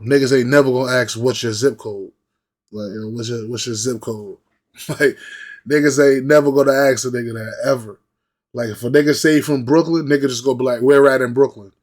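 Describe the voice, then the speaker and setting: A man talking loosely and slangily, circling back to repeat his point. His voice sits at an ordinary middle pitch, and he gets animated when he imitates other people. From New York. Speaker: reaction video host. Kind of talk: casual rambling chat.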